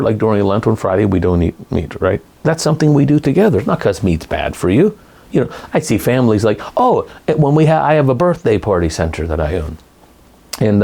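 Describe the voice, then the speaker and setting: A middle-aged man giving a casual, rambling talk on Catholic faith, often correcting himself as he goes. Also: mid-range voice. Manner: rambling, animated, self-correcting. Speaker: lay Catholic speaker.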